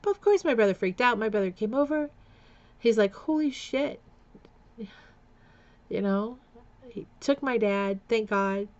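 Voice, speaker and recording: A woman's voice: mid-range voice, animated, moderate pace, a little mellow, highs cut off. A woman vlogger candidly telling a painful family story, with nervous laughs and repeated words. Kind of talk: personal storytelling vlog.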